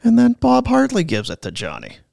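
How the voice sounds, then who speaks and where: A man's voice: very high voice, huge pitch swings, a little fast, vocal fry, darkish tone. A man hosting a sports podcast, telling locker-room stories in casual chat and acting out the quotes. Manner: chatty anecdotes, acts out quotes. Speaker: podcast host.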